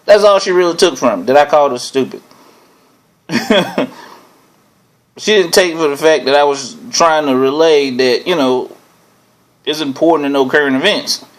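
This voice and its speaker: A man hosting his own show, telling a personal story in a casual, animated way, often chuckling and asking "right?". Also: fairly high pitch, moderate pace, pauses often. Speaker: host.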